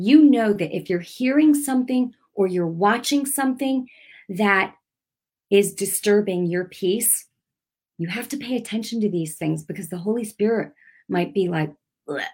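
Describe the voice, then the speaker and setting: A woman's voice: medium pitch, darkish tone, breathy edge. Preaching woman, earnest and conversational, unscripted with frequent restarts. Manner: unscripted, speaking without notes. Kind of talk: informal sermon.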